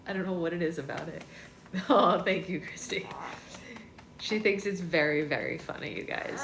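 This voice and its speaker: A woman's voice: fairly low pitch, normal speed, a bit bright. A woman hosting a casual livestream read-along at home, chatting and laughing while talking to her baby and to viewers. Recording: roomy with noisy background.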